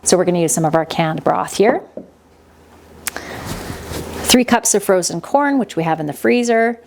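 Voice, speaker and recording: A woman hosting her own homesteading kitchen vlog, chatty and quick to laugh, recorded in her home kitchen. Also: on the low side, a little mellow, slight background noise. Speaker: homesteading channel host. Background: faint compressor and power tools.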